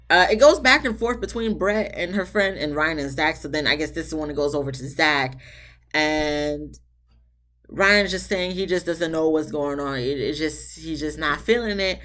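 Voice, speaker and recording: A woman's voice: low-pitched, a bit bright. A woman recapping a reality TV episode in casual chat, candid and chatty, stopping to vent at the people on the show. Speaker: TV show reviewer.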